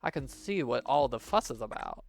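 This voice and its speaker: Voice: mid-range voice, very animated, moderate pace, creaky. A bored young fan in a video game, read by the player in a close-to-natural voice. The lines come out wistful and a little restless.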